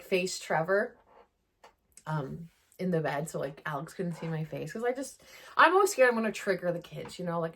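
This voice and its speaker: Woman, 40s, family vlogger; soft, emotional, chatty delivery with constant "like" fillers. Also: lowish voice. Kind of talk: casual personal talk to camera.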